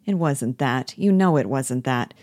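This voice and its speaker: A woman's voice: a bass voice, lively intonation, unhurried, darkish tone, dry recording. A woman reading the part of an awkward, guilty young man who keeps apologizing. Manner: apologetic, curt. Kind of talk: play reading.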